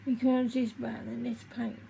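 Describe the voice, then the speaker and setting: A woman vlogging to camera, tearful and halting as she speaks openly about her feelings. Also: on the high side, little pitch movement, vocal fry, mellow, a little hiss or hum, low-quality recording. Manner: halting, emotional, confessional. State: tearful, crying. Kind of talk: personal vlog talking to camera.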